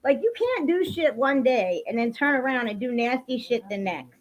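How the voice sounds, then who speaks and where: A woman's voice: on the high side, very animated, moderate pace. A woman hosting a casual livestream, greeting viewers by name and venting bluntly with plenty of swearing. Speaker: livestream host. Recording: dull lo-fi stream audio.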